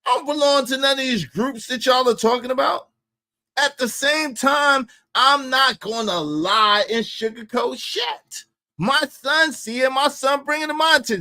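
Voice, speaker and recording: This livestream host's voice is very high-pitched, bright and forceful, at a moderate pace. He rants with strong opinions, preaching emphatically and repeating lines for effect.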